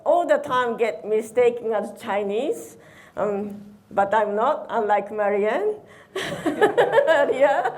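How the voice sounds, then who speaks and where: A woman whose first language is Japanese, a guest comedian telling stand-up anecdotes with hesitant pauses and many ums. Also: a little high.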